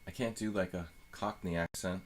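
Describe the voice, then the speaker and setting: Deep-voiced man rambling over chess. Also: fairly even intonation, normal speed, a little hiss or hum. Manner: thinks aloud, rambling with fillers. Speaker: chess streamer. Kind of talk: live chess commentary.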